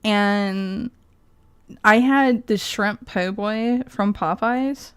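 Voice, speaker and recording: A woman's voice: medium pitch, extremely slow, smooth. A woman streamer in casual live-stream commentary, rambling and profane, laughing often as she talks.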